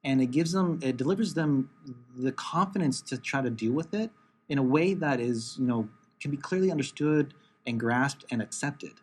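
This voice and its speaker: A man co-hosting a podcast in casual chat, talking haltingly with many fillers and restarts. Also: mid-range voice, lively intonation, slightly rough. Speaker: podcast co-host.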